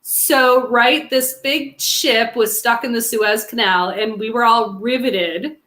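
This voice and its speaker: A woman's voice: a little high, slow pace, a bit bright. A woman co-hosting a podcast in casual chat, laughing often and talking animatedly. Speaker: podcast co-host.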